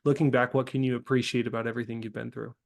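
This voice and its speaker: A male podcast host with a gravelly texture and a level, even delivery. He thanks his guest warmly in words and builds up his questions at length. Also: mid-range voice, very fast. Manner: gracious, thanks the guest often and asks long set-up questions.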